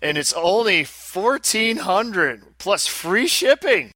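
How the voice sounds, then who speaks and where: Man, podcast co-host, slightly high bright voice, dry sound, teasing laughing banter. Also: very animated, takes it slowly, no echo. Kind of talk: casual chat.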